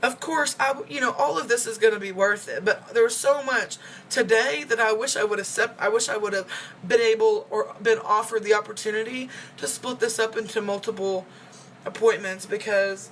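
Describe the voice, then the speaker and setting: Emotional woman vlogger, bright voice. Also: on the high side, steady tone, normal speed, a little hiss or hum. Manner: rambling storytelling with many fillers; emotional and upset. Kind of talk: casual personal check-in video.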